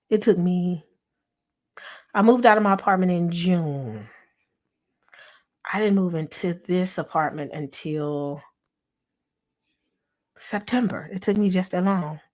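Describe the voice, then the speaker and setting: A woman chatting casually to her viewers in a livestream, speaking softly and reflectively, answering their comments and now and then dropping to a whisper. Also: fairly low pitch. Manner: talks directly to viewers, reads and answers chat comments; soft and reflective, sometimes drops to a whisper. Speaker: vlogger and channel host. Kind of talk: casual heartfelt livestream chat.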